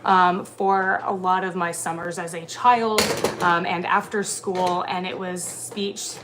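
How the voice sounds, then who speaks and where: A woman's voice: on the low side, flat delivery, slow, noisy background. Chatty Southern woman on a livestream. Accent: mild Southern US. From Alabama. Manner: chatty, answers viewer comments. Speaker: livestream co-host. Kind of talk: casual livestream chat.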